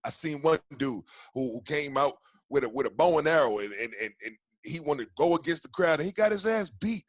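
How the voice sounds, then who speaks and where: A man's voice: medium pitch, fairly quick, no room sound. Heated, profane man hosting a podcast. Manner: heated, profane ranting with many restarts. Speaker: podcast host. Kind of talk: casual podcast chat.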